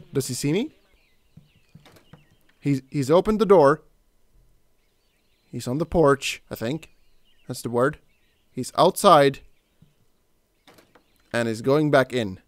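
A man commentating his horror gameplay casually, jumpy and swearing, shouting at the game character. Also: mid-range voice, no echo. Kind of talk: casual let's play commentary.

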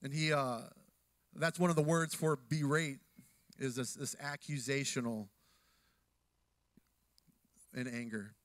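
A man teaching in a sermon, steady and measured as he reads and explains scripture. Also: mid-range voice, no echo. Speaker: co-pastor.

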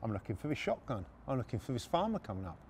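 A man telling crude, animated stories on a podcast, acting out moments with gasps and shouts. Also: medium pitch, rapid-fire, a little hiss or hum. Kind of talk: casual storytelling.

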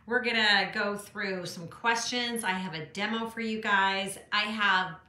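A woman's voice: mid-range voice, unhurried, bright, forceful tone. A middle-aged woman hosting a casual live-stream chat from her home art studio on her phone, bubbly and chatty, greeting viewers by name and laughing often. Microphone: phone camera. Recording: echoey room.

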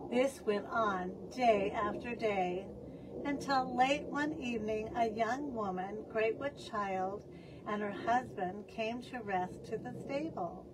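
A woman reading a picture book aloud for young children, expressive and asking them questions. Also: a little high, takes it slowly, recorded from a distance, noisy background. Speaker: children's storyteller. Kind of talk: storytime read-aloud.

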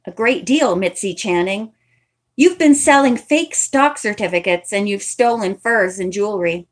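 A determined young woman detective who accuses and demands answers, as a woman reader voices her. This is a storybook read-aloud, and the pitch stays middling. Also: unhurried, close to an everyday voice. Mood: firm. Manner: firm, accusing.

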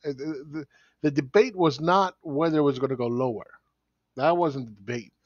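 A man's voice: a little high, moderate pace, darkish tone, dry recording, muffled recording. A man hosting his own market commentary video, talking bluntly and sarcastically and chuckling often as he walks through charts. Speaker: market analyst host.

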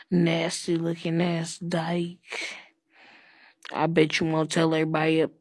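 A woman hosting a crude, improvised comedy roast, taunting and insulting in a drawl and breaking into shouts. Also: deep voice, completely flat delivery, slow pace, no room sound. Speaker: comedic host.

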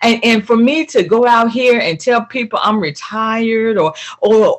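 A woman's voice: fairly high pitch, lively intonation, a little slow, few pauses. A woman in her sixties calling in on a video call, speaking heartfelt and effusive words. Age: 60s. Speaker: caller. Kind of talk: casual chat on a video call.

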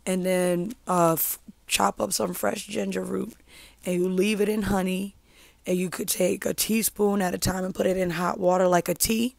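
A woman with a cold and a hoarse voice, chatting casually on a live stream and giving homespun advice. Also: mid-range voice, steady tone, normal speed, no echo.

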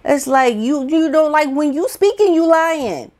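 An American woman with a high, expressive voice and a somewhat dark tone delivers an indignant, disbelieving commentary monologue packed with rhetorical questions. She talks a little slowly, in the style of a vlogger or commentator.

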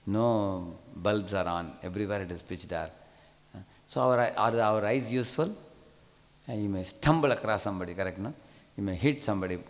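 A man with an Indian English accent teaching a scripture class, talking conversationally and often asking "correct, no?". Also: lowish voice. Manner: conversational, frequent tag questions. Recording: hall reverb.

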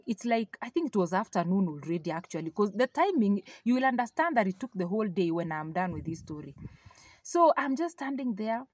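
A woman with a Kenyan accent giving a personal faith testimony, telling her story in an animated way and slipping Swahili phrases into her English. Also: medium pitch, no room sound.

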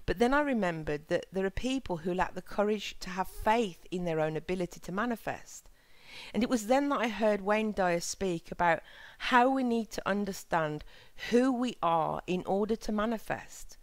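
A woman of middle pitch hosts her own spiritual channel, speaking sincerely and with soft, measured emphasis. She moves between her own reflections and scripture passages. The sound is dry and close, with no room echo. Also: animated. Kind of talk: earnest spiritual talk and scripture reading.

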